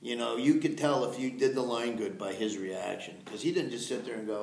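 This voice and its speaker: A man with a Southern US accent, a voice actor chatting as an interview guest, telling lively stories and slipping into voices. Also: mid-range voice, brisk, gravelly. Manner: lively storyteller, slips into quoted voices. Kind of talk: casual interview chat. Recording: echoey room, faint background noise.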